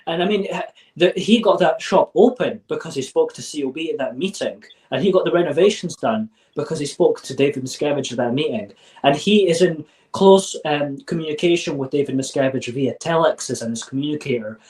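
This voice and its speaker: A former member speaks as a guest in a casual interview, candid and blunt, frequently restarting sentences and swearing. His voice is fairly high, fairly quick, and darkish in tone. He sounds distant from the mic.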